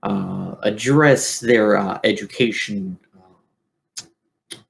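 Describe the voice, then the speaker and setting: A man voicing a chatty male robot officer who hands out gear and a mission, talking in a halting way with many ums. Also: lowish voice, creaky, a little hiss or hum, full character voice. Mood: rambling. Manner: rambling, halting, full of ums.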